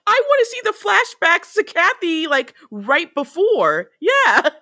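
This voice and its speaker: A woman co-hosting a podcast, chiming in with quick joking asides. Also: very high-pitched, wildly swooping pitch, pushed and bright. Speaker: podcast co-host. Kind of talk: casual rewatch chat.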